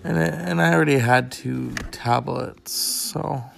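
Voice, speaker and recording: Man, very gravelly voice, slow drawl, tired, rambling casual chat, swears a lot. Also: a little high, slight background noise. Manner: crude, swears freely, wandering asides.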